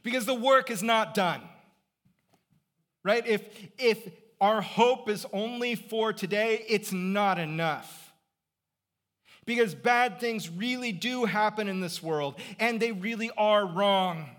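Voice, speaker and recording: A middle-aged man preaching a sermon as pastor, conversational, swinging from loud emphasis to quiet reflection. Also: high-pitched, slow.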